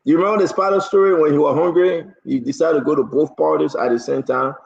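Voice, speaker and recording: A man's voice: fairly high pitch, steady tone, fast, vocal fry, muffled recording. A man from Liberia with a Liberian accent, hosting a casual political talk show, teasing and pushing his guest with many restarts.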